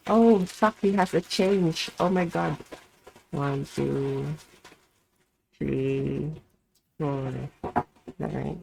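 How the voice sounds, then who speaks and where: Low gravelly woman streamer, swearing. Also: fairly even intonation, drawn-out words, long pauses, a little mellow, slight background noise. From Philippines. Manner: swearing, chatty self-talk while playing; squeals greetings at customers. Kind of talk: live gameplay chat.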